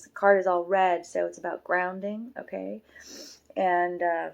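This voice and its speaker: A woman's voice: on the low side, gravelly. A woman reading tarot cards for her viewers in a casual, rambling, affectionate way, teary and emotional. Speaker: tarot card reader.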